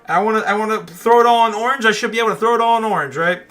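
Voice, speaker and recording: Bright-voiced man ranting casually. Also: high-pitched, racing, faint music behind. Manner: frustrated, swearing, rambling. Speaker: host of a crypto show. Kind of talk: casual livestream rant.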